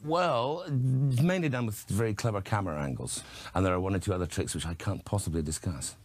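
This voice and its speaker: Male actor, low husky voice, wry storyteller. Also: lively intonation, brisk, a little mellow. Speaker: actor guest. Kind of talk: relaxed interview answers.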